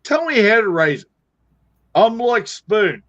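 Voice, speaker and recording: A man's voice: high voice, sing-song, a little slow, fairly bright tone. A man on a casual chat, rambling loosely and swearing heavily. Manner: profane, rambling, heavy swearing. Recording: dull lo-fi audio.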